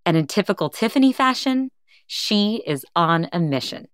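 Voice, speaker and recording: A woman podcast host giving calm, measured scripted narration between interview clips. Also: mid-range voice, smooth, no echo, studio quality.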